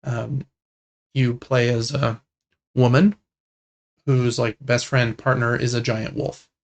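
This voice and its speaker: Gravelly, rambling male podcast host. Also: medium pitch, takes it slowly. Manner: relaxed, rambling, lots of fillers and "like". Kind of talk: casual chat about video games.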